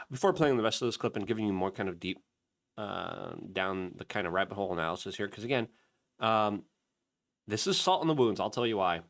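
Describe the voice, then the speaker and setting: Animated male political commentator. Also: lowish voice, fairly quick, vocal fry. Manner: animated, mocking voices when quoting others. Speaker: host of an independent media channel. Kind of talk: commentary with a product plug.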